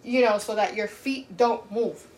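A woman co-hosting a casual chat podcast, talking in an animated, emphatic way and giving playful advice. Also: medium pitch, unhurried. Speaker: podcast co-host.

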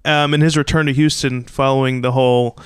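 A young man from the New York area hosting a casual sports podcast, animated and blunt, acting out little quoted exchanges. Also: medium pitch, fairly quick, smooth, no echo. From New York metropolitan area. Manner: animated, talks in restarts and acted-out quotes, blunt opinions. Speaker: podcast host.

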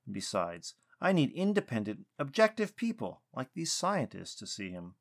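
A man voicing an earnest adult male investigator who talks politely and haltingly. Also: mid-range voice, huge pitch swings. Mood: stern. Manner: polite, hesitant with fillers.

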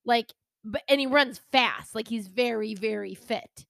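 Young woman co-host, chatty, animated storyteller, slightly high voice, dry close mic. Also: unhurried, vocal fry, dry recording. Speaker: podcast co-host. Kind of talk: casual chat. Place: hairdresser, talks of her salon.

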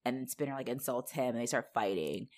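A woman co-hosting a casual podcast recap, animated and laughing, acting out characters in quick voices. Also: rumbling low. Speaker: podcast co-host recapping a TV show. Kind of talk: casual chat.

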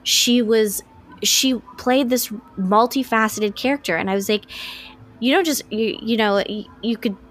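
A woman's voice: fairly high pitch, measured pace, soft background music. A woman co-hosting a podcast, talking in a casual, eager way with lots of restarts and fillers. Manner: enthusiastic, rambling with restarts and fillers. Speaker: podcast co-host. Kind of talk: casual chat.

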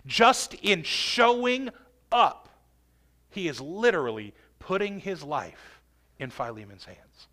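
A man preaching a sermon with emphatic delivery, stretching and swelling key phrases and dropping to a hush. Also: sits high, very animated, takes it slowly. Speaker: pastor.

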